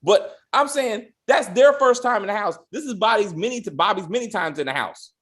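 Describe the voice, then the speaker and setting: Man, young adult, casual TV recap chat, fairly high voice, swooping lively pitch, profane exasperated rant. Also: moderate pace. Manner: animated, profane, exasperated ranting with mock quotes. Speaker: podcast co-host.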